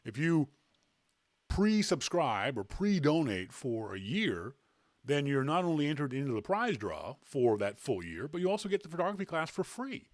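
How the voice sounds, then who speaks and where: A man hosting a podcast, telling a self-deprecating anecdote in a casual, animated way. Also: on the high side, normal speed, dry recording. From Canada. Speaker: podcast host. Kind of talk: casual storytelling.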